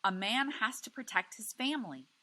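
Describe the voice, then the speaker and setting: A woman's voice: a little high, lively intonation, moderate pace, bright, forceful tone, pitched above the performer's own voice. A woman reading a stubborn old grandfather. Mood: firm. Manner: firm, clipped insistence.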